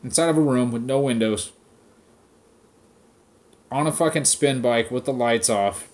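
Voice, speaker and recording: A man's voice: medium pitch, unhurried, darkish tone. A man hosting a podcast, ranting casually with heavy swearing and mocking impressions of people. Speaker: podcast host. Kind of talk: casual profane rant.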